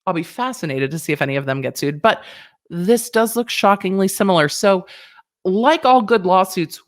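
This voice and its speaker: A woman lawyer, giving sassy, playful reaction commentary on a news story, close to a desk mic. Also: on the low side. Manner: sassy, playful, chatty with asides.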